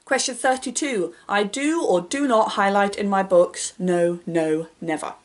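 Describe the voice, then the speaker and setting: A woman's voice: medium pitch, unhurried. Chatty self-deprecating woman book vlogger. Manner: reads each question out brightly, then answers offhand and self-deprecating. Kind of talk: casual chat answering a book tag.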